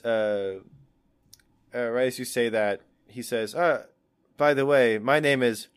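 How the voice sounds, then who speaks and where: A man narrating a tabletop role-playing game as game master, in a halting way with many fillers. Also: on the low side, clear, resonant tone, dry recording, clean studio sound.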